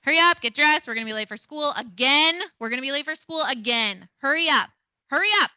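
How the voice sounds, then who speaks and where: A woman acting out an exasperated mother who scolds her child with sharp, repeated commands. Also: mid-range voice, fairly even intonation, moderate pace, creaky, clear, resonant tone, dry recording, clean studio sound. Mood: scolding, exasperated. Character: exasperated nagging mother yelling at her kid.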